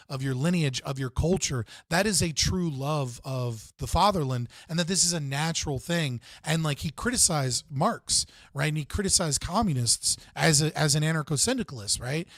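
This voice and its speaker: A man's voice: fairly high pitch, normal speed, hardly any pauses, a bit bright, no room sound, clean studio sound. A man hosting a live stream, casually reacting to clips in a rambling way with lots of fillers and frequent laughs.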